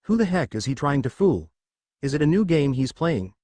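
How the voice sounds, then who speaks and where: A man voicing a lazy, sharp-minded teenage boy strategist in a story reading, with a calm, dry, unhurried manner. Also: fairly high pitch, no room sound.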